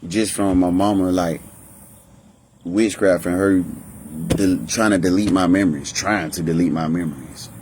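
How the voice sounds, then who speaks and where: A man's voice: fairly even intonation, moderate pace, darkish tone, a little hiss or hum. A young man, telling his life story in a rambling, emotional way, often restarting his sentences. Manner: rambling, emotional, restarts often, voices family members in higher pitch. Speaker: vlogger. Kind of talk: candid personal storytelling.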